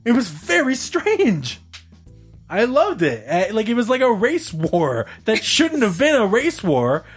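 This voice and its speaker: A young man on a casual podcast, telling a story in an animated way and laughing often. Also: a little slow, breathy edge, faint music behind. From Canada. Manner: animated storyteller, jumps high for quoted voices, laughs often. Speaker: podcast co-host.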